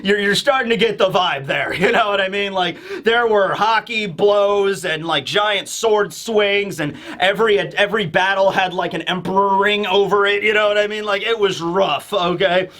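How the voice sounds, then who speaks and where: A man hosting a casual manga review, excitable and rambling with lots of fillers. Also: high voice, moderate pace, few pauses. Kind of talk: casual video commentary.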